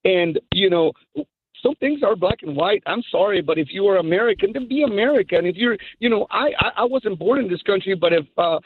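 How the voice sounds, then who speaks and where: A man's voice: sits high, lively intonation, fairly quick, breathy edge. A man from Guatemala calling in to a radio talk show, talking emphatically and stumbling over repeated words as he starts sentences. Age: adult, has children. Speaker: caller. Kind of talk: call-in radio opinion. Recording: tinny phone line.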